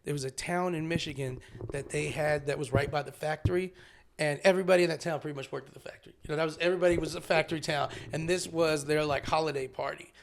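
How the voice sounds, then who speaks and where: A stand-up comedian co-hosting a podcast, an animated storyteller who swears freely in casual chat. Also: male voice, fairly high pitch, quick pace, vocal fry, slight background noise.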